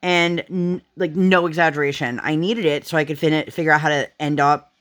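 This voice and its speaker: A young woman with a low, fairly even, slightly bright voice talks at normal speed while working on a craft at home. This crafting vlogger chats casually through a family story, saying "like" a lot.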